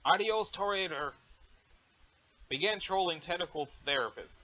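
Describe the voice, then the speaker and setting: A man's voice: on the high side, lively intonation, slow pace, pauses often, bright, forceful tone. A man casually reading a webcomic aloud on a dull lo-fi mic. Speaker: reader.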